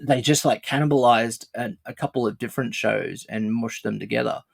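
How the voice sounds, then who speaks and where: A man's voice: mid-range voice, brisk, gravelly. A man hosting a podcast, asking his guest questions in a friendly, rambling way with many restarts. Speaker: podcast host. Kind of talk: casual podcast interview.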